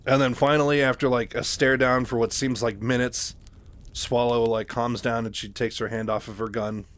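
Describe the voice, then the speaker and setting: A man's voice: medium pitch, flat delivery, normal speed, a bit bright. A man casually retelling a novel, loose and full of fillers. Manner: loose, filler-heavy, lots of "like". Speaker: book retelling host.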